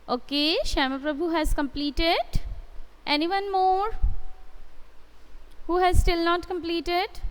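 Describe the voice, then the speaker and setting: A woman with an Indian English accent teaching a kindergarten English class live online, dictating slowly, spelling words letter by letter and praising her pupils. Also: extremely high pitch, fairly bright tone, big-room sound. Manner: slow, sing-song dictation, stretching words and spelling letters aloud.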